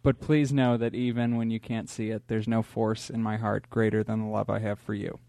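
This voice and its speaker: A man's voice: fairly low pitch, flat delivery, vocal fry, warm tone, no room sound. A man, a comic appearing as a guest, reading a heartfelt letter in a sincere, earnest way. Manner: sincere and earnest, a little halting in chat.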